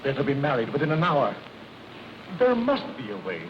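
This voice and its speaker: A man's voice: mid-range voice, huge pitch swings, normal speed. An actor playing a desperate wealthy man in 1930s film style, urgent and theatrical. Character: desperate wealthy man bargaining, tense and pleading. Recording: dull, hissy 1930s film soundtrack.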